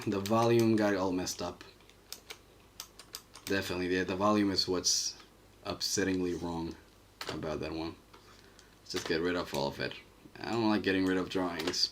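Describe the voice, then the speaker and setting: A man's voice: low-pitched, slight background noise. A man streaming his animation work, thinking aloud in casual commentary as he draws and reads the chat. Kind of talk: casual livestream commentary while drawing.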